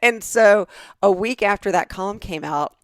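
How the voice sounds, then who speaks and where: A middle-aged woman from the American South co-hosts a casual podcast, spinning animated anecdotes and popping into the voices of people she quotes. Her voice sits at an everyday middle pitch and is recorded close and dry, with no room sound around it. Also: normal speed, clean tone, dry recording. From southern United States. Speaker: podcast co-host. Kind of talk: casual chat.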